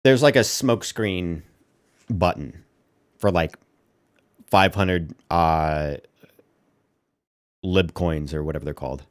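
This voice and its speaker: A man's voice: deep voice, slow, pauses often, no echo, studio quality. A man streaming, reacting in offhand, profane asides to chat and a video. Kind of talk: casual stream commentary.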